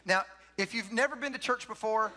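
A pastor with a high, bright voice preaches a sermon briskly in a church sanctuary. He is emphatic, repeats key phrases, and leads the congregation in call-and-response.

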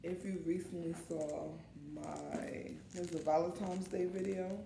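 A woman's voice: on the low side, steady tone, unhurried, gravelly, reverberant, background noise. A woman vlogger talking casually and informally to her viewers, often calling them y'all. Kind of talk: casual vlog chat. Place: in line at a shopping mall coffee shop.

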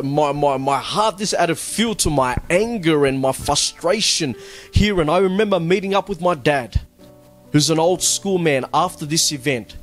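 A man giving a personal church testimony. He speaks earnestly and haltingly, often repeating words as he goes. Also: on the high side. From Australia. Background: faint background music.

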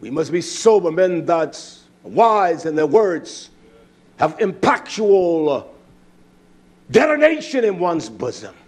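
A man preaching an impassioned sermon, swinging between low muttering and loud outbursts. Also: sing-song, slow pace. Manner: acts out bickering voices in his stories. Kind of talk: fiery sermon.

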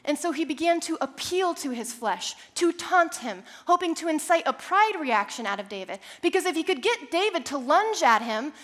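A young woman preaching a sermon, telling a personal story with animated, self-deprecating humor. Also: sits high, moderate pace, hardly any pauses. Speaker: church speaker.

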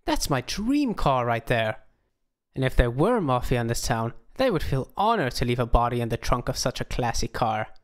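A man voicing an eccentric young man with a deadpan, matter-of-fact delivery in an audiobook. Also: medium pitch, moderate pace, lightly acted. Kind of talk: audiobook character voice.

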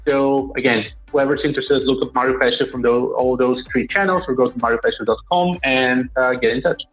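A man's voice: medium pitch, fairly even intonation, a little fast, soft background music. Businesslike male guest, echoey dull sound. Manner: fluent, businesslike, frequent "uh". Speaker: podcast guest. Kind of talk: casual interview chat.

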